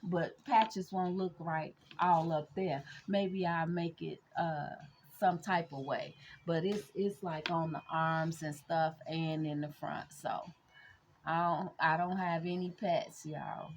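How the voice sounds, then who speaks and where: Chatty woman with a low voice. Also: steady tone, slight background noise. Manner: chatty, rambling, addresses viewers as y'all; slow reflective affirmations. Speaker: spiritual reader and vlogger. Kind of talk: casual spiritual chat vlog.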